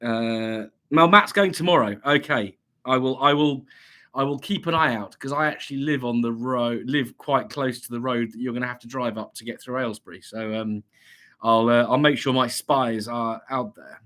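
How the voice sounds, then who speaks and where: The English livestream host speaks at normal speed with a medium-pitched, sharp-toned voice. Reading viewers' chat messages aloud, he chats back with many ums and restarts, and a slight cough lingers from his recent illness.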